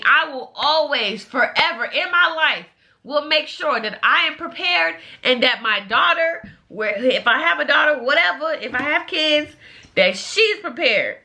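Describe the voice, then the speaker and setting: A young woman vlogger telling a casual storytime, animated and slangy, swearing freely and talking straight to her viewers. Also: sits high. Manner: addresses viewers directly.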